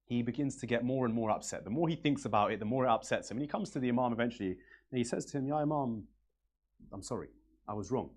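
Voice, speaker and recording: A man's voice: mid-range voice, racing. A man preaching from the pulpit, telling stories and repeating phrases for emphasis in an earnest way. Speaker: religious speaker. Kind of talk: sermon storytelling.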